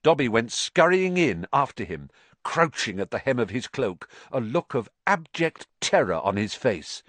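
Male audiobook narrator, slow measured reading, expressive, lively pitch, dry close sound. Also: no room sound. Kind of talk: scripted storybook narration.

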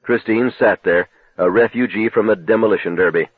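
A man narrates a novel in the first person with a low, husky voice. His telling is measured and dramatic. The sound is dry and tinny, like a phone line. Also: dry recording. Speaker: audiobook narrator.

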